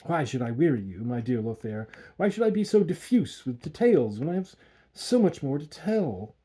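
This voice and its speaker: A man's voice: medium pitch, very animated, normal speed, dark tone. Man reading a horror story dramatically.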